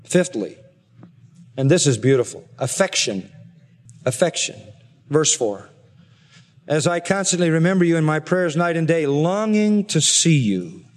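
A man's voice: on the high side, very animated, moderate pace, darkish tone. Earnest male preacher in a reverberant hall. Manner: earnest, emphatic preaching with rhetorical questions. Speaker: pastor. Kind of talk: expository sermon.

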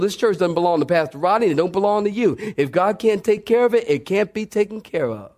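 Speaking fast and with few pauses, this male pastor has a high-pitched, expressive, slightly mellow voice. He delivers a sermon before his congregation in the church sanctuary, mixing humorous stories with back-and-forth talk with the people.

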